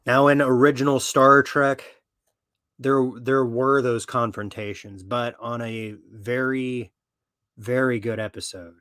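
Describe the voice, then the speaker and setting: A man's voice: medium pitch, fairly even intonation, takes it slowly, a bit bright, no echo, studio quality. A man talking in a blunt, swaggering, foul-mouthed monologue as a podcast host. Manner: blunt, swaggering, heavy swearing. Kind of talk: profane opinionated monologue.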